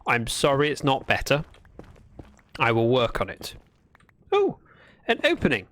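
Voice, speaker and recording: A man's voice: medium pitch, wildly swooping pitch, measured pace, a bit bright. A man chatting through a gameplay livestream, talking to himself and greeting viewers. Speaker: streamer. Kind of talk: casual gameplay livestream commentary.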